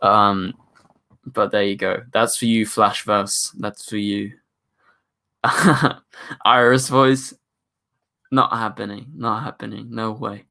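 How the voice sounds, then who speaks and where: A man's voice: lowish voice, steady tone, slow pace, creaky, long pauses, pushed and bright. A young man hosting a casual live stream, chatting, joking and reading viewer comments aloud.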